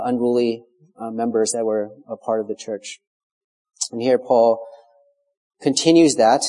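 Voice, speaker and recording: A man preaching an expository sermon, measured and emphatic, stressing key words as he works through scripture. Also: medium pitch, warm tone. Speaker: pastor. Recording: long hall reverb.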